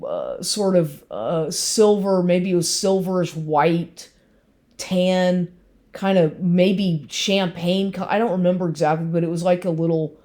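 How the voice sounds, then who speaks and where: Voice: medium pitch, a little slow, darkish tone. A speaker in a rambling vlog monologue, agitated and constantly swearing, with lots of fillers and restarts.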